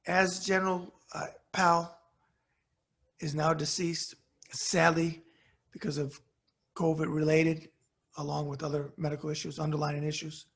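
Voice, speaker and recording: A middle-aged man with a New York accent rants at the camera, blunt and heated and swearing freely. His voice is gravelly and husky, sitting a little high for a man. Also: level tone, unhurried, pauses often, fairly bright tone. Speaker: commentary show host. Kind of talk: angry profane rant to camera.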